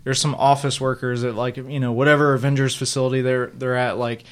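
A man on a comics podcast chatting casually and acting out scenes in quick, funny voices. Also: medium pitch, flat delivery. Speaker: podcast co-host.

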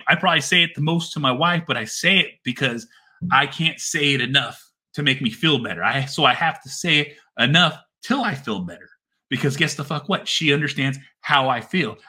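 A man's voice: medium pitch, pushed and bright. A middle-aged man and father giving a candid personal monologue, blunt and heartfelt, swearing heavily and repeating phrases for emphasis. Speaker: father sharing his story.

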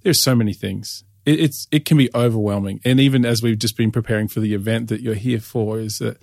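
A man's voice: fairly low pitch, steady tone, brisk, gravelly, darkish tone, no echo, clean studio sound. An Australian man, a pastor interviewing a guest, asking long, thoughtful questions in a rambling way.

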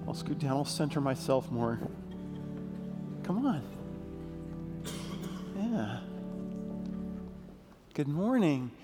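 A man leads a children's sermon in a big church sanctuary, his fairly high voice carrying a long reverb off the walls. He talks very slowly and gently, drawing the kids in with playful questions and call-and-response. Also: sing-song, over music. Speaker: pastor leading a children's message.

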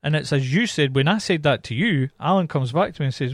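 Scottish man, slightly higher voice with a lively pitch, swears a lot in his stories, dry close mic. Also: fast, dry recording. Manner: animated storytelling, heavy swearing. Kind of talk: casual chat.

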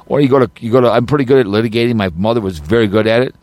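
Agitated man ranting, somewhat low voice. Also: animated, rapid-fire, hardly any pauses, darkish tone, dry recording. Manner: agitated, repetitive, stumbling restarts. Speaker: podcast host. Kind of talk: rambling angry rant.

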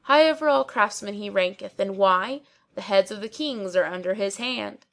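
A woman's voice: mid-range voice, moderate pace, fairly bright tone, lightly acted. A woman voicing a garrulous, pompous old male barber who talks on and on, full of pious sayings. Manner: long-winded, pious, quoting sayings.

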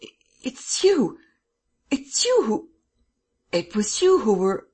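A reader doing a weak, astonished male gentleman thief. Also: mid-range voice, normal speed, breathy edge, close to an everyday voice. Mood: stunned. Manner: stammering, incredulous questions. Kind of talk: audiobook dialogue reading.

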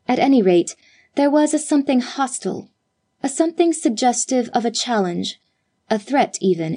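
A woman narrates an old-fashioned story with a measured, expressive delivery. Her voice is mellow and warm rather than bright. She sits in the middle of the usual range for pitch. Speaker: audiobook narrator.

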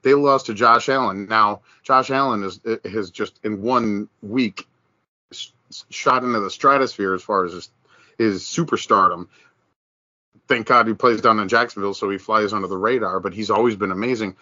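A man co-hosts a casual podcast and talks about football in a loose, animated way. He trips over himself with restarts and slips into mocking voices when he quotes fans. The sound is a little dull and lo-fi. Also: on the low side, moderate pace, no room sound. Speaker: podcast co-host. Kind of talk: casual sports chat.

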